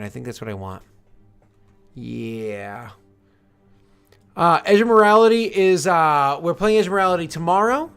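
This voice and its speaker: A man's voice: fairly high pitch, a bit bright, smooth. Rambling, swearing male streamer. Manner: rambling, joking, swears and mutters asides. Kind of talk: casual livestream chat.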